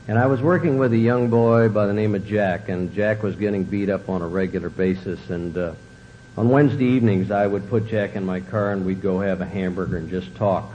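A middle-aged man giving a personal recovery testimony, telling his story earnestly and acting out the dialogue in it. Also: darkish tone. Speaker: recovery speaker. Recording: dull lo-fi recording with faint rumble.

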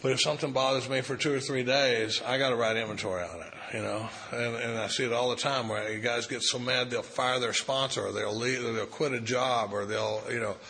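Middle-aged male recovery speaker, anecdotal and self-deprecating, bright tone. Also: mid-range voice, steady tone, a little fast, hardly any pauses. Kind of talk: storytelling talk to a recovery group.

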